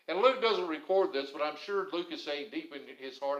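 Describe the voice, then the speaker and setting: A man preaching a sermon with a slightly raised voice, leaning hard on key phrases and then sinking into low, quiet lines. The sound carries a roomy echo around it. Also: moderate pace, few pauses, dull audio. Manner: emphatic, swings between loud stresses and low quiet phrases. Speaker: pastor.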